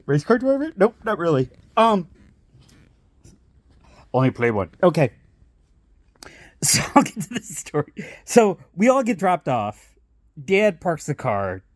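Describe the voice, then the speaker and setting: A man's voice: high-pitched, a little slow, pauses often, no echo. A man telling a rambling family story in a casual way, laughing often as he talks. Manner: lively and animated.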